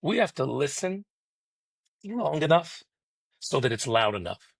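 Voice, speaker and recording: A man's voice: on the high side, big pitch swings, measured pace, vocal fry, long pauses, husky, dry recording. Preachy, rhythmic man on a podcast. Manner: preachy, rhythmic, emphatic storytelling. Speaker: guest. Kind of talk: motivational podcast interview.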